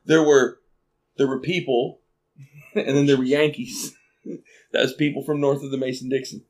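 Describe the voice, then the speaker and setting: A man from Arkansas, with a light Southern accent, chats casually as a podcast co-host, laughing often, swearing, and telling stories with animation. His mid-range voice moves at a moderate pace.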